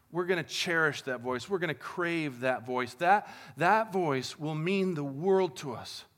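A man's voice: fairly high pitch, a bit bright. A man preaching as a pastor, in a casual, conversational and upbeat way, talking to the congregation as guys. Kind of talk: casual sermon.

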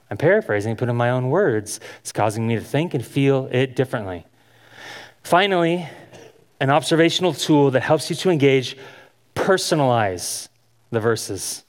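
A man's voice: mid-range voice, lively intonation, moderate pace. Earnest man teaching in a reverberant hall. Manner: earnest, asks the listeners many questions. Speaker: Bible teacher. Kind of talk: instructional sermon.

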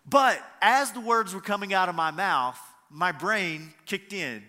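High, bright-voiced man preaching in a hall. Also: expressive, measured pace. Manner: earnest, repeats key lines for emphasis. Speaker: pastor. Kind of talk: sermon.

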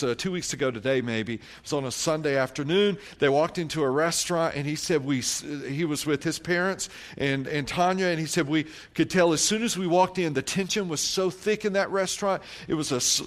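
A man preaching a sermon as pastor, telling a story from his congregation and quoting its members, moving from quiet, low reflection to loud, drawn-out emphatic declarations.

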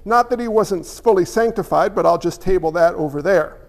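A man preaching a sermon as pastor, animated and acting out little voices along the way. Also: high voice, fairly quick, in a large hall.

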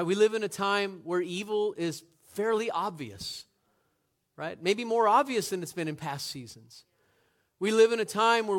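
A pastor delivers his sermon in an earnest voice pitched a little high. He drops to a hush and then climbs to loud, emphatic peaks, with faint music under him.

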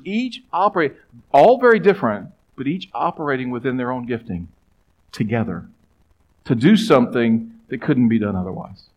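A middle-aged man preaching a sermon as pastor, conversational and emphatic, with pauses and stressed phrases. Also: mid-range voice, rough recording.

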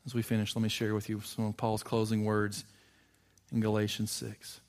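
A man preaching a sermon to a congregation in a church, earnest, building to emphatic peaks and dropping low again. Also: completely flat delivery, normal speed, a little mellow. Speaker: pastor. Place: church sanctuary.

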